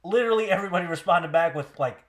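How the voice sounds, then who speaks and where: A man hosting a podcast in casual chat. He is animated and jokey, laughs often, and mocks what other people say. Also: high-pitched, racing. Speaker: podcast host.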